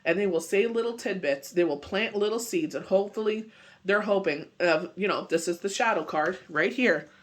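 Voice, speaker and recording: Man, high voice, casual tarot reader, rambling, filler-heavy, recovering from a cold. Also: normal speed. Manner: rambling, full of "you know" and "it's just like". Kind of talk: casual daily tarot reading.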